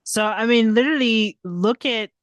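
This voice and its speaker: A woman's voice: fairly high pitch, normal speed, no echo. A woman hosting a conversational interview, affirming and playful, often checking in with "right?". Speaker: podcast host.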